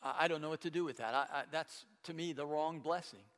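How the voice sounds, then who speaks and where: A man preaching a sermon, retelling a Bible story in a conversational way, with stammered restarts and animated quoting. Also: on the high side, fast talker, in a large hall.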